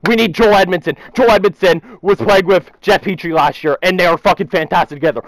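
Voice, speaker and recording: A young man ranting furiously about his hockey team in a vlog, swearing constantly and climbing into shouts. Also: high-pitched, fast talker, few pauses, dry recording, rough recording. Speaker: hockey fan vlogger. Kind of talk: angry rant vlog.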